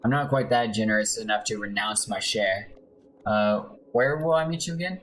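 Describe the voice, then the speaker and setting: A man's voice: lowish voice, moderate pace, fairly bright tone, faint music behind, natural voice, rough recording. Man reading a frightened outcast, pleading and frantic, game voice. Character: desperate hunted man, pleading.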